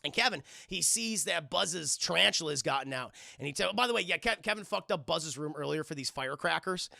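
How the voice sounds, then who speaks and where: A young man chatting to his stream audience as he retells a film's scenes, animated and profane, bursting into silly voices. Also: fairly high pitch, fairly quick, creaky, no room sound, studio quality. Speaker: streamer reviewing a film. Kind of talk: casual chat to a livestream audience.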